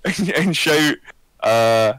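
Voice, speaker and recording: A man playing a tabletop game with a slightly high, very lively voice that swings up and down. He talks slowly and playfully, laughing and cursing, over a dry, close mic. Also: clean tone, no room sound. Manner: animated, playful, swears and laughs. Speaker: player. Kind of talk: casual tabletop game chat.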